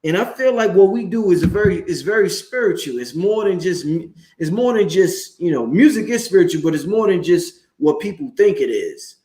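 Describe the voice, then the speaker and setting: A man talks with a high voice, full of excitement and confidence as he hosts a livestream. His speech is loose and casual, with swearing. The sound rings around an echoey room. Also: brisk, hardly any pauses. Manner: hyped, excited and self-assured, swears freely. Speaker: livestream host.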